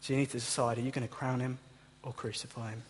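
This pastor talks fast in a medium-pitched, level tone, delivering an impassioned sermon directly to his listeners. Recorded in a church, the audio has long hall reverb plus a little hiss or hum.

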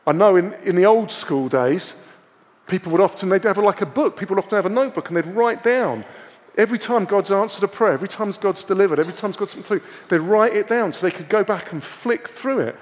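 A man delivers a sermon in a loose, conversational way, checking in with his listeners through rhetorical questions. His voice sits a little high for a man. The room carries a long, echoing tail behind him. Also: quick pace. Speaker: preacher.

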